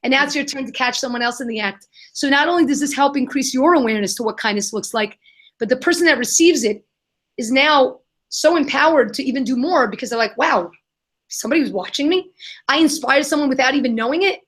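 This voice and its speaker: A young adult woman answering questions in a live Q&A, telling an animated story and acting out the voices of the people in it. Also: high-pitched, fast. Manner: animated, acts out quoted voices. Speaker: guest, kindness nonprofit founder.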